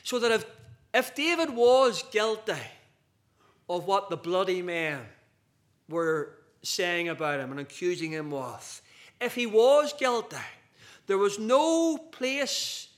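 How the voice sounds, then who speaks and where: A man preaching a sermon to a group of men, slow and emphatic, with big swings between loud and soft. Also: high-pitched, animated.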